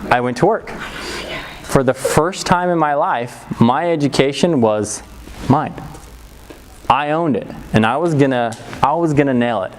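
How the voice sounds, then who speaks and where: A man's voice: unhurried, slight background noise, rough recording. A middle-aged man telling a personal story to an audience, acting out the voices with big leaps and laughing often. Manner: animated, acts out quoted voices with big pitch jumps. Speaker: speaker. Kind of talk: storytelling talk.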